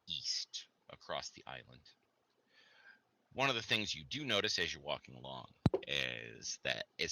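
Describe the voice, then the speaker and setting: Low, bright-voiced game master. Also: male voice. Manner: loose, chatty, with filler words. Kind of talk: narrating a tabletop game.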